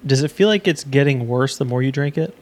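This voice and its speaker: A man's voice: mid-range voice, brisk. A man co-hosting a casual podcast, giving blunt, plain-spoken opinions on beer. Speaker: podcast co-host. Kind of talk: casual chat, beer review.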